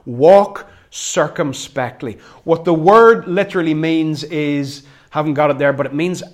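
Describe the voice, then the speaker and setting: A man's voice: a little high, fairly even intonation, normal speed. A man with a Northern Irish accent preaching a sermon, conversational and earnest with flashes of wry humor. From Northern Ireland. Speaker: pastor.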